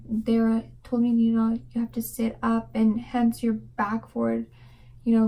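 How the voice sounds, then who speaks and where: Young woman vlogger, mellow higher voice, chatty and rambling, slips into whispers. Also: poor audio. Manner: fast rambling with many fillers, drops to whispers. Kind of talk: casual storytelling to camera.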